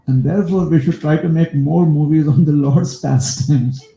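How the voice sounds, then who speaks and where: A male preacher telling a devotional story in a sermon, as an animated storyteller who turns aside to talk to his listeners. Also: on the high side, normal speed, creaky. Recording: echoey room.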